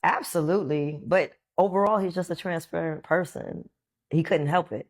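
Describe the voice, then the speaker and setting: Low-voiced woman telling a story. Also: normal speed. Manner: animated, acts out quotes in other voices. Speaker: interview guest. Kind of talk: casual storytelling.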